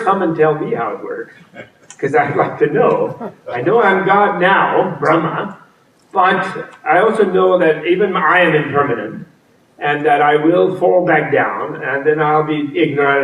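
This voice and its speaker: A man's voice: on the high side, a little slow, narrow, tinny audio. A man voicing a frank, weary male creator god who admits he is unsure of himself, in a confiding, apologetic, joking way, heard from a distance in a roomy space.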